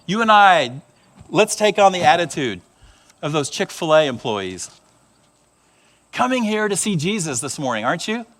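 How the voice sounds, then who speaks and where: Animated high-voiced man preaching. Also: moderate pace, pauses often. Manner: animated storytelling, acts out voices of others. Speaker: pastor. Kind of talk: sermon.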